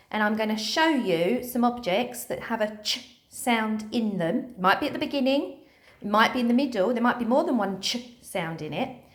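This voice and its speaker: Encouraging woman teaching phonics slowly. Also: fairly high pitch. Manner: slow, encouraging, sounds out letters. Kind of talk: recorded lesson for children.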